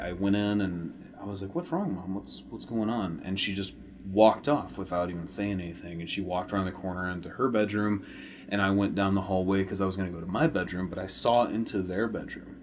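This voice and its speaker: A man with a lowish voice talks in a relaxed, casual way, spinning long stories and laughing easily. There is a faint hum in the background. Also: normal speed. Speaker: co-host. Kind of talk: casual chat.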